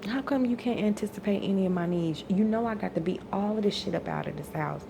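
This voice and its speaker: A woman's voice: mid-range voice, quick pace, vocal fry, noisy background. A woman in an exasperated, profane personal rant, tired and venting, her voice climbing into outbursts. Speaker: vlogger venting.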